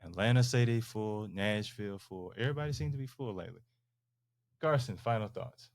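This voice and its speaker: A man's voice: on the low side, a little fast, dry recording. A man hosting a podcast, chatting casually and laughing with his co-hosts. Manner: laughing, wrapping up the show. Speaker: podcast host. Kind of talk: casual chat.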